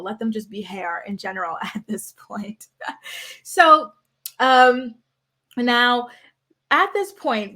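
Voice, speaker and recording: A woman's voice: fairly high pitch, sharp tone. Chatty gossipy young woman recapping TV. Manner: chatty, gossipy, with frequent "like" and asides. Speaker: recap vlogger. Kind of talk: casual reality TV recap.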